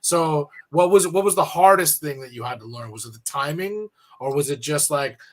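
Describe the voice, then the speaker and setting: Male radio talk host, chatty, rambling questions, slightly high voice. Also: animated, moderate pace. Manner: conversational, asks long rambling questions. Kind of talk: radio interview.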